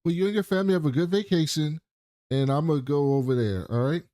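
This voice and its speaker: A man's voice: on the high side, fast talker, dark tone, no echo, clean studio sound. A man co-hosting a podcast, retelling scenes in casual chat, swearing freely and acting out quotes. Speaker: podcast co-host.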